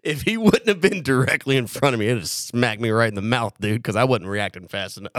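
A man's voice: mid-range voice, animated, fairly quick, a bit bright, no room sound, clean studio sound. A man in casual podcast chat, telling a long story in a rambling, profane way, laughing and acting out what people said. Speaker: podcast co-host, former Marine.

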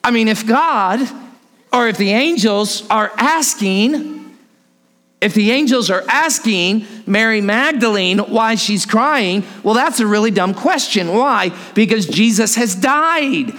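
A man preaching a sermon, repeating phrases, asking the listeners questions and dropping low and soft for emphasis. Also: animated, slow pace. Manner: asks the listeners rhetorical questions.

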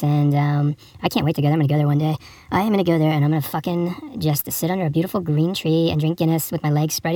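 A man rattles through an improvised comic story at a brisk clip, crude and profane, rambling from one tangent to the next. He hosts a podcast and reads a fable aloud between jokes. The sound is close and dry, with no room around it. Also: on the high side, warm tone, dry recording. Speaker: podcast host.

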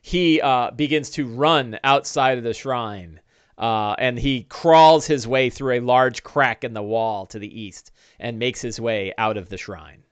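Brief: game master narrating combat, loose and filler-heavy, dry close sound. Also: male voice, mid-range voice, unhurried, smooth, no room sound, muffled recording. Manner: descriptive, loose narration full of "uh" and "kinda". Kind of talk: narrating a one-on-one tabletop game.

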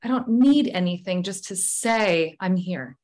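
A woman in mid-range pitch, talking candidly on a podcast. Her storytelling is personal and open, full of casual fillers and quick asides. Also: expressive, a little mellow. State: tearful at moments. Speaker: guest author.

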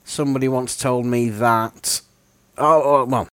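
A man's voice: medium pitch, steady tone, unhurried, fairly bright tone, clear, resonant tone, no room sound. A young man co-hosting a podcast, telling stories in a rambling, self-mocking way. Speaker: podcast co-host. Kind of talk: casual chat.

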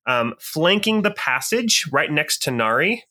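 Bright-voiced male player. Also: a little high, sing-song. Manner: deliberate, describes actions with many ums. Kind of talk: casual tabletop game play.

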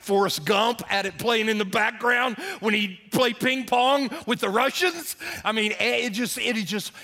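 A man's voice: high voice, unhurried, gravelly, bright, forceful tone. A male pastor giving a sermon in a folksy, chatty way, joking with the congregation. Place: church service.

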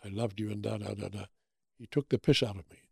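Older German-accented man, fry-edged voice, animated anecdotal interview guest. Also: fairly low pitch, fast talker, dry recording, clean studio sound. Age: 80s. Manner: animated anecdotes with acted-out quotes. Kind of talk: storytelling interview.

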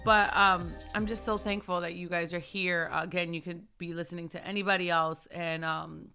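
A woman in her thirties hosting a casual, heartfelt Christian talk show, lively and laughing often, speaking into a microphone. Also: lowish voice, moderate pace, soft background music. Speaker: host of a Christian ministry video show. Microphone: microphone in front of her.

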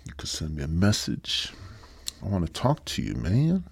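Brief: deep-voiced male podcast host, husky, loose and profane, riffing solo. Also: huge pitch swings, normal speed. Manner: rambling, profane, joking. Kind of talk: casual solo podcast monologue.

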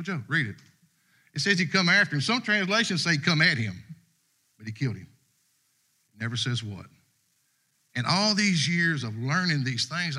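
Guy preaching in a church, talks folksy and chatty, middle-aged, real bright forceful voice. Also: mid-range voice. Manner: folksy and conversational, Southern US dialect. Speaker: guest preacher. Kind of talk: casual sermon. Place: church sanctuary.

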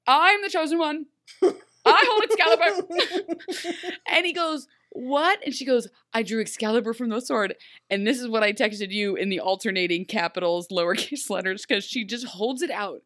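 A woman co-hosting a casual recap chat, animated and laughing as she acts out characters' lines. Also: medium pitch, no echo, studio quality. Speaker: podcast co-host.

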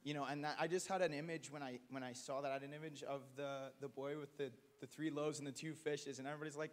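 A man giving a halting, earnest testimony at a church gathering, with many restarts. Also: on the high side, fairly even intonation. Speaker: church member sharing testimony. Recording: long hall reverb.

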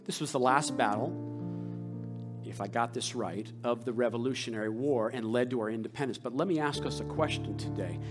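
An American man, a rabbi, preaching a sermon with passion and rhetorical questions, swinging between loud and hushed. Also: mid-range voice, a little fast, music in the background. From United States.

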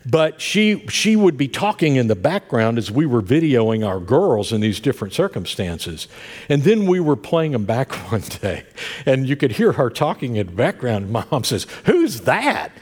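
Older Appalachian pastor, lively folksy sermon. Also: male voice, medium pitch, moderate pace. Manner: folksy storytelling, warm asides.

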